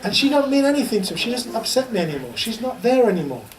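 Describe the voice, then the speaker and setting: With an extremely high-pitched voice that swings widely and moves fast, a man leads an informal Islamic teaching session in a lecture room. He is chatty and funny, shares stories, and repeats a chant, all captured by a distant mic with faint background noise.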